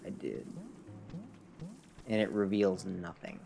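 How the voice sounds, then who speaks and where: A man's voice: on the low side, big pitch swings, normal speed, a little mellow, soft background music. A man with a Canadian accent, a little drunk, talking to himself in casual gameplay livestream chatter, rambling and chuckling at his own jokes. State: tipsy from drinking. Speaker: streamer.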